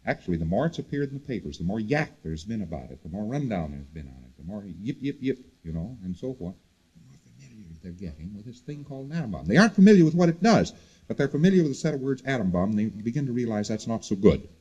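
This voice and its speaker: Animated man lecturing on dull tape. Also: fairly low pitch, fast, breathy edge. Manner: conversational, repetitive, animated emphasis. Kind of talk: recorded lecture to students.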